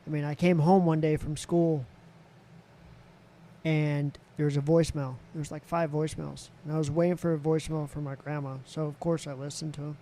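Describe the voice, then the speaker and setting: Candid man telling a story, mellow tone. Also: on the high side, flat delivery, a little fast, a little hiss or hum. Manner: candid, swears freely, voices others in quotes. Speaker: podcast guest. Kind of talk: casual storytelling.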